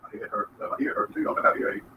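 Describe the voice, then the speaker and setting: A man's voice: racing, sharp tone, low-quality recording. A man chatting loosely and jokingly off-mic, away from the streamer's microphone, with background noise.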